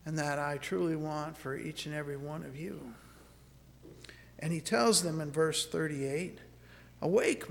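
A man preaching a sermon, moving from scripture into a personal story, earnest and halting, often repeating words as he restarts. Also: a little high, gravelly, fairly bright tone, long reverb tail, a little hiss or hum.

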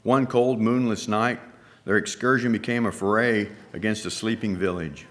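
A male preacher tells an allegory as a sermon, his voice sitting low and dropping to a hush on the tense moments. He reads dramatically and leaves slow pauses between phrases. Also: fairly even intonation. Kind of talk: sermon storytelling.

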